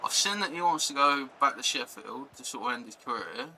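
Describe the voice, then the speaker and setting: A man's voice: medium pitch, animated, a little fast, noisy background. A young man chatting casually on a live stream, rambling and reacting to chat and gameplay.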